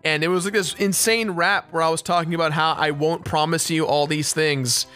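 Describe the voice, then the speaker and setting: Man, twenties, let's play host, bright tone, laughing, swearing, casual storytelling. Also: fairly high pitch, steady tone, moderate pace, clean tone, faint music behind. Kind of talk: casual storytelling over gameplay.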